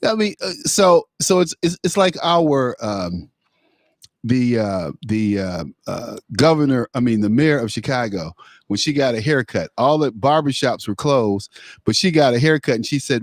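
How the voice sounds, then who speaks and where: A man's voice: medium pitch, lively intonation, a little slow, dry recording. A man hosting a call-in talk radio show, blunt and mocking, often stumbling and repeating words.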